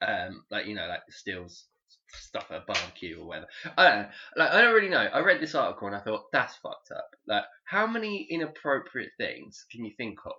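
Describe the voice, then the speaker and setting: Man, podcast host, rambling, sweary, lively pitch, bright voice, muffled lo-fi. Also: brisk. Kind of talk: casual chat.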